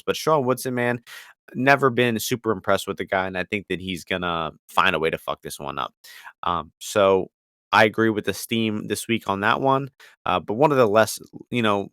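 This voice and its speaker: A man's voice: on the low side, fairly bright tone, no room sound, studio quality. A man co-hosting a casual betting podcast, loose and profane, often stumbling over names. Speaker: podcast co-host, betting picks. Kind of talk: casual chat.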